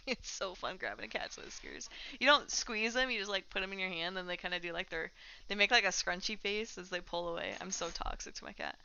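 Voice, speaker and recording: A woman's voice: on the low side, expressive, fairly quick, vocal fry, pushed and bright, slight background noise. A woman streamer chatting casually while playing a game and talking to her cat. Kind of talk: casual chat while gaming. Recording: dull lo-fi mic.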